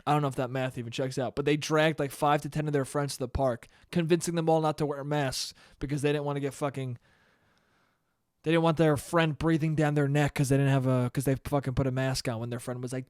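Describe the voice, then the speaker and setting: A man's voice: medium pitch, level tone, fairly quick, a little mellow, smooth, no room sound, clean studio sound. Profane, rambling young man. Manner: profane, rambling, acts out quotes in mock voices. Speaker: podcast host. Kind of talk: solo comedic rant.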